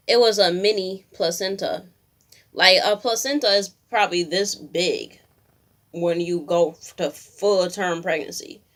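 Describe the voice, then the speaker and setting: A young woman tells a personal story to the camera in a casual, slangy way. She acts out what people said as she goes. Her voice sits a little low. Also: fairly bright tone. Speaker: vlogger.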